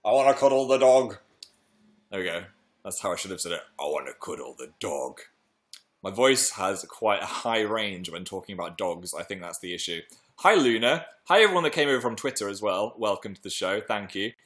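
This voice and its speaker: A man's voice: animated, brisk, bright, forceful tone. Playful chatty man on a livestream. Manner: chatty, playful, jumps into high silly voices. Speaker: livestream host. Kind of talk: casual live chat reading comments.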